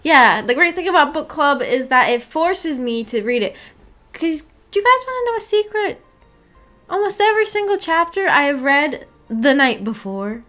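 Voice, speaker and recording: A young woman with a somewhat high voice, chatting casually to her live-stream audience. She giggles often and trips over her own sentences, restarting them as she goes. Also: sing-song, normal speed, a bit bright, faint music behind. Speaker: streamer hosting a book club.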